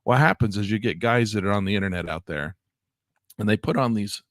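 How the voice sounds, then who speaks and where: A man teaching a live options trading lesson in a chatty way, grumbling at his software and jumping high when exasperated. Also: a little fast, no echo, studio quality. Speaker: trading instructor.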